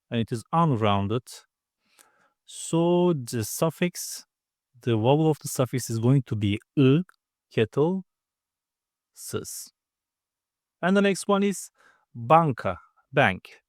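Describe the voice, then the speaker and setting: A man's voice: medium pitch, no room sound, clean studio sound. A man teaching a grammar lesson, patiently explaining step by step and sounding out each vowel himself. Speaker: language teacher. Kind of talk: slow spoken grammar lesson.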